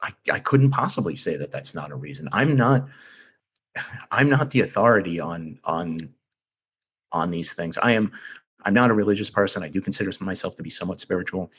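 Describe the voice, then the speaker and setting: A man recounting a personal encounter as a podcast guest, talking in a halting, earnest way with many restarts. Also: low voice, lively intonation, a bit bright, husky, muffled recording. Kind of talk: casual storytelling.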